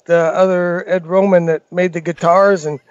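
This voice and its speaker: A male caller on a radio show who speaks slowly, stumbles and repeats himself. His voice is quite high for a man and comes through dull and dry. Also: little pitch movement, clear, resonant tone, no room sound. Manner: slow, hesitant, repeats himself. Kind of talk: phone-in call.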